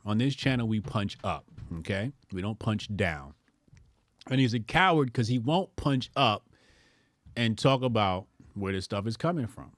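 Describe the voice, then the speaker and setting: A man's voice: fairly low pitch, dry recording, studio quality. A man streaming casual reaction commentary who laughs often, speaks bluntly and profanely, and talks to his chat.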